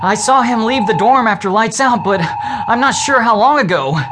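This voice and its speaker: Man voicing an earnest teen schoolboy, high boyish voice, eager, audiobook, heavy hiss. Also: lively intonation, normal speed. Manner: eager, higher-pitched boyish delivery. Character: anxious teenage schoolboy, earnest.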